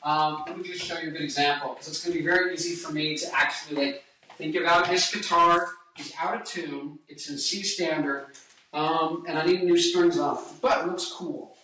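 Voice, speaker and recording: A man's voice: fairly high pitch, fairly even intonation, normal speed, bright, forceful tone, far from the mic. A man in his twenties, a singer and guitarist, chatting to camera in a rambling, self-interrupting, joking way. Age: 20s. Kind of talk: casual chat to camera. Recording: echoey room, away from mic, faint music.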